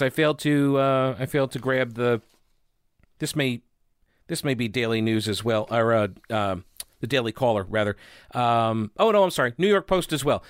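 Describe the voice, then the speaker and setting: A man's voice: fairly high pitch, a bit bright, no room sound, studio quality. A man giving sarcastic, conversational political commentary, reading news headlines aloud between his remarks.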